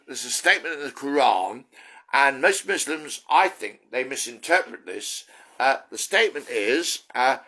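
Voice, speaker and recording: Uk guy rambling earnestly about religion, bright edgy voice, keeps restarting. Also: medium pitch, gravelly. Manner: earnest, discursive, many restarts. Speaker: self-styled prophet. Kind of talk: rambling spiritual monologue.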